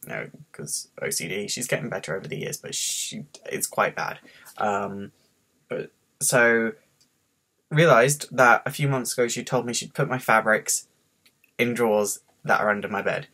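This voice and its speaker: A man's voice: mid-range voice, pushed and bright. A man with a faint Scottish accent, stressed and rambling through a casual story about his day on a home webcam vlog. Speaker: vlogger.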